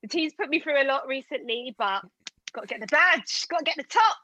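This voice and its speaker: A young woman with a high, bright voice chatting as a podcast co-host. She is lively and quick to laugh, and there is a faint hiss behind her. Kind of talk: casual podcast chat.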